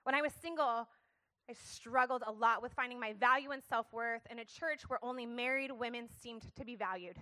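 A woman's voice: fairly high pitch, normal speed, pushed and bright. A young adult woman giving a passionate, emphatic sermon-style talk to a church audience, calling for responses. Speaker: speaker sharing her story at church.

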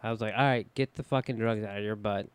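A man's voice: lowish voice, steady tone, quick pace, smooth, no room sound. A man co-hosting a podcast, chatting casually and making dry, teasing quips. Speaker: podcast co-host. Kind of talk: casual chat.

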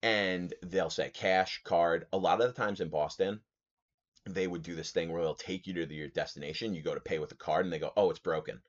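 A young man hosting a podcast, telling a rant story in a casual, animated way, swearing freely and laughing as he talks. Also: low voice, a little fast. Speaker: podcast host. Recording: slightly dull podcast audio.

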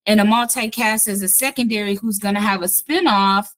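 A woman's voice: mid-range voice, fairly even intonation, fairly quick. A woman hosting a podcast interview, chatting casually, laughing often and acting out quoted conversations. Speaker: audiobook producer and podcast host.

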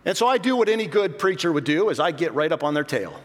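A middle-aged pastor telling self-mocking stories in an animated sermon. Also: male voice, a little high, fast talker, long reverb tail.

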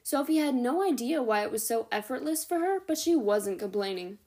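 A young woman reading a novel aloud as a podcast host, steady with the odd stumble and self-correction. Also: on the high side, moderate pace. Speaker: audiobook reader, podcast host.

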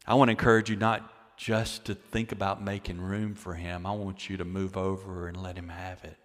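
A male pastor preaching a sermon, repeating key phrases and swinging between loud, emphatic lines and quiet ones. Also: lowish voice. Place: church sanctuary. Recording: long hall reverb.

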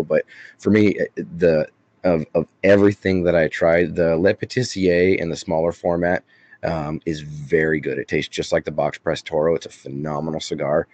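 A man's voice: very deep voice, little pitch movement, normal speed, darkish tone, dull audio. A man talking as a guest on a chat show, hesitant, with many fillers and restarts. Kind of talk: casual chat.

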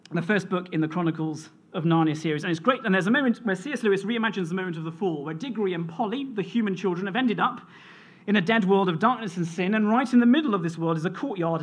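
A preacher delivering a sermon in an earnest, storytelling manner, reading scripture and sharing a family anecdote. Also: mid-range voice.

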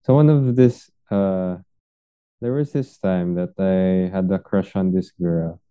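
Slow, smooth Filipino man on a phone line. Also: low voice, no room sound. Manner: easygoing, mixing English and Filipino. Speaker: podcast co-host. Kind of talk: casual chat. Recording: tinny phone-line sound.

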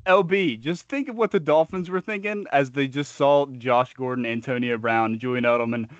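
A man's voice: medium pitch, moderate pace, dry recording, lo-fi sound. A man co-hosting a sports podcast, riffing with trash talk and long comic analogies. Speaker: podcast co-host.

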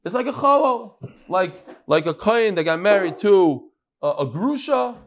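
A high-voiced man leads a Talmud class with a voice that swoops up and down. He teaches by firing rhetorical questions at his students and often breaks off and restarts his sentences. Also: moderate pace. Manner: animated, fires rhetorical questions, frequent restarts.

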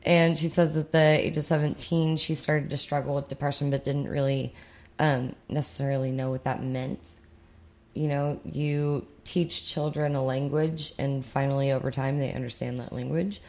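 A young woman from the United States chats on a podcast with a low, gravelly voice full of vocal fry. She rambles casually and throws in sarcastic asides. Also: level tone, moderate pace, a little mellow. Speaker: podcast co-host.

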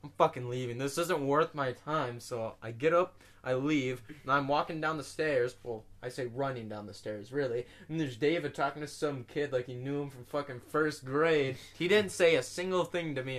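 A man's voice: mid-range voice, fairly quick, a bit bright. A young man on a podcast telling a rambling story, swearing constantly and laughing at himself. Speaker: podcast co-host. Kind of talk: casual storytelling.

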